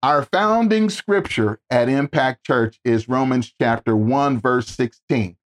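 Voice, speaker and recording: A male pastor preaching a sermon, animated and repetitive, often acting out quoted voices and calling out to the congregation. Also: medium pitch, takes it slowly. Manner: repeats words and restarts, calls out to the congregation.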